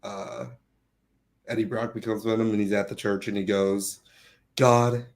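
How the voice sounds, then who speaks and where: A man's voice: on the low side, level tone, moderate pace, darkish tone. Laid-back man who laughs often. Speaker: podcast co-host. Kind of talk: casual chat on a live stream.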